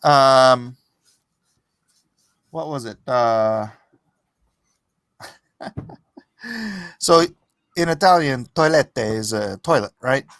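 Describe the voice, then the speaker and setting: A man hosting a relaxed livestream from his studio, spinning a story with lots of animation. His pitch leaps up and down constantly, and the sound is dry and close with no room around it. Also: very slow, long pauses, dry recording. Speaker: artist and livestream host. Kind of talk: casual livestream chat. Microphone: desk microphone.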